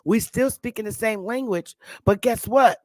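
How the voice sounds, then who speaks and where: A woman's voice: on the high side, moderate pace, darkish tone, no echo. A woman in her fifties giving a casual, rambling monologue to her viewers, repeating herself and calling them sweetheart and love. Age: 50s. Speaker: channel host. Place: Connecticut.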